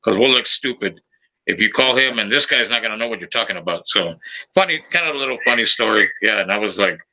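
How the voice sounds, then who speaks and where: A man's voice: fairly low pitch, fast, rough recording. A man hosting a podcast, telling a funny story in casual, profane chat, acting out the voices in it. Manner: animated storyteller, acts out voices, swears a lot. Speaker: podcast host.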